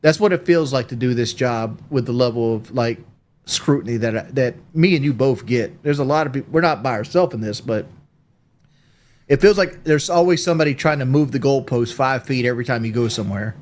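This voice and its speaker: A man on a late-night call with another streamer, explaining himself haltingly with lots of analogies and asides. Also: medium pitch, a little mellow.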